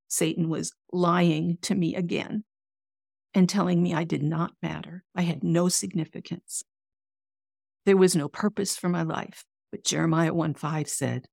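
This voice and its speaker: Low gravelly woman, earnest testimony. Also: steady tone, unhurried, a little mellow, no room sound, studio quality. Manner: earnest, emotional storytelling. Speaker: guest, author and coach. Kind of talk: personal faith testimony.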